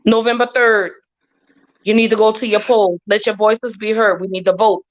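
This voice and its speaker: Her voice medium in pitch and steady in tone, a woman speaks at a moderate pace as a guest on a casual podcast. She stresses her points with heartfelt repetition, captured in dull lo-fi audio.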